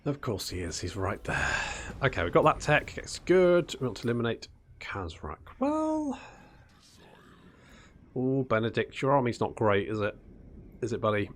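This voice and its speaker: Chatty man with a low, lively voice. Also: moderate pace, a little hiss or hum. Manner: chatty, muttering to himself, talks to units as "buddy". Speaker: gaming channel host. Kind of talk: casual let's-play commentary.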